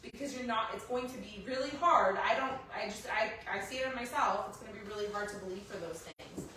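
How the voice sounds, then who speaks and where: A woman with a fairly high voice tells a personal story to a small church group, laughing often and acting out her own moments of panic. She sounds far from the mic, in a very echoey room. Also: a little fast, background noise. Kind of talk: casual testimony in a small group. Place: house church gathering room.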